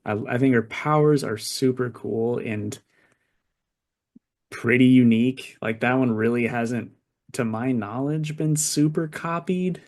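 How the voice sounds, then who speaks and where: A man co-hosting a podcast in casual chat, relaxed and plain-spoken. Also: medium pitch, unhurried. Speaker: podcast co-host.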